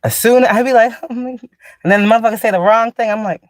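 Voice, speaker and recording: A woman's voice: on the high side, fast talker, dry recording, studio quality. A woman spiritual teacher in a casual, blunt, profane monologue, laughing often and drawing out sarcastic asides.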